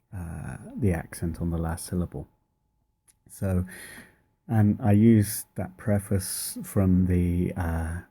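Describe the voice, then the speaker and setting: A man with a deep, dark voice talks through a music lesson at an easy, slow pace. His explanation is thoughtful and halting, full of small pauses as he works out each point. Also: breathy edge. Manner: thoughtful, hesitant, many pauses and fillers. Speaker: church music teacher. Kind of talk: informal spoken lesson on chant.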